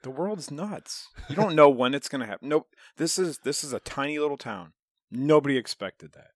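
A man's voice: fairly high pitch, normal speed, dry recording, studio quality. A man in casual podcast chat, telling stories with lots of swearing and laughter. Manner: animated storyteller, swears a lot, laughs often.

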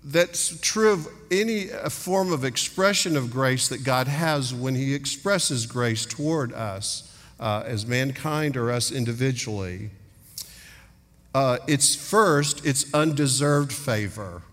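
A man's voice: mid-range voice, slow, fairly bright tone. A middle-aged man preaching a sermon earnestly, acting out little dialogues as he speaks. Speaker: pastor. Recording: long hall reverb.

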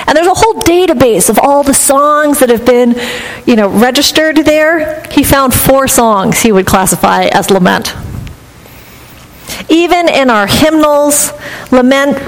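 Woman pastor, slightly high voice, measured and earnest sermon delivery, long church reverb. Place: church sanctuary.

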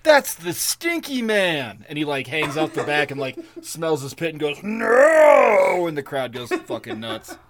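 A man co-hosting a podcast, telling stories in a loose, profane, animated way. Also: on the high side, normal speed, few pauses, crowd noise. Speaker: podcast co-host. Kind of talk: casual comedic chat.

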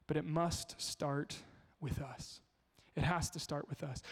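A man preaching a sermon as a pastor, telling stories in an animated way in a church. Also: a little high, in a large hall. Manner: storytelling, animated.

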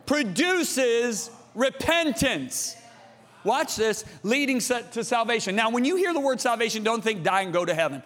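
A man's voice: extremely high pitch, expressive, quick pace, few pauses, a bit bright. A man preaching a sermon to a congregation, telling a story with passion and calling on the listeners to respond. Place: church hall with congregation. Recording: long reverb of a large hall.

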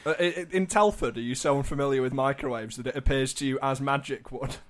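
A young man co-hosting a comedy podcast, teasing the others with quick comebacks. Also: mid-range voice. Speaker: podcast co-host. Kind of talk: casual comedy podcast banter.

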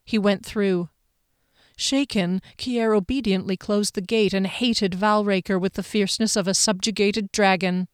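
A woman narrating a fantasy audiobook with a steady, expressive reading. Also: mid-range voice, a little slow, smooth, no echo, studio quality. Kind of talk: scripted narration.

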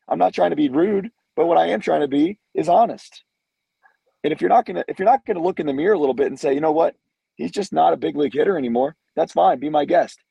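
Heated male podcast co-host, gravelly and husky, dry close sound. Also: on the high side, dark tone, dry recording, low-quality recording. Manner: blunt, emphatic, repetitive. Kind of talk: heated sports podcast rant.

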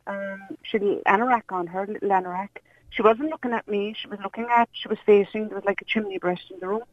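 A woman with an Irish accent calling in to a radio show, telling a story hesitantly with many pauses. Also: mid-range voice, fairly even intonation, no room sound. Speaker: caller. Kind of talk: phone-in storytelling. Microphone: phone line. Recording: muffled phone line.

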